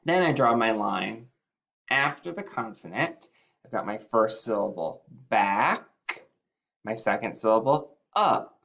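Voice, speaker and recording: A man's voice: on the low side, animated, moderate pace, gravelly, a bit bright, lo-fi sound. A male first-grade teacher giving a patient phonics lesson, spelling out letters one by one and lifting his voice on key words. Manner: sounds out letters and stretches key words upward.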